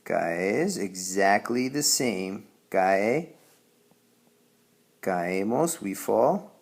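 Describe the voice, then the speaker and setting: Low gravelly male teacher. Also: expressive, very slow. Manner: patient, repeats "okay?" to check understanding. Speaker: Spanish teacher. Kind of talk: classroom grammar lesson.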